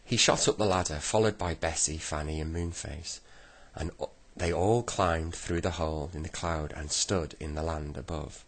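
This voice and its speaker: A man reading a children's storybook aloud slowly and gently. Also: rumbling low, steady tone, husky. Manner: slow, gentle storybook reading with voiced characters. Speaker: reader.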